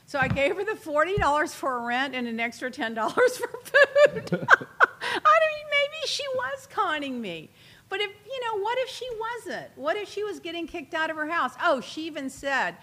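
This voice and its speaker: A woman's voice: sits high, normal speed. A woman hosting a casual talk show, telling gossipy stories with lots of laughter. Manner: chatty, gossipy, laughs often, animated retelling. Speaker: host. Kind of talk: casual chat, storytelling.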